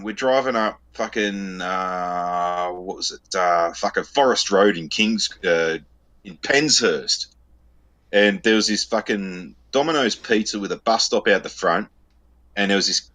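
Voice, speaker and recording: A man's voice: on the low side, sharp tone. A man with an Australian accent, telling crude stories in a casual podcast chat, swearing freely and laughing at his own jokes. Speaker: podcast co-host. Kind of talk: casual storytelling banter.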